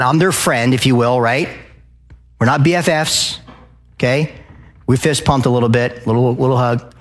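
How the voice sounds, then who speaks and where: A loud, passionate man from Arizona lectures a live audience, his voice sitting at an ordinary middle pitch. He keeps checking in with the crowd, tossing out "okay?" and direct questions as he drives each point home. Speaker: speaker at a live event.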